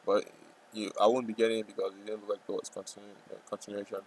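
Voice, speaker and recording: A man's voice: lowish voice, flat delivery, fast, a little hiss or hum, low-quality recording. Rambling, jokey man streaming his trades. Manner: rambling, jokey, bursts into loud playful yelling. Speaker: trading streamer. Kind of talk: casual live-stream commentary.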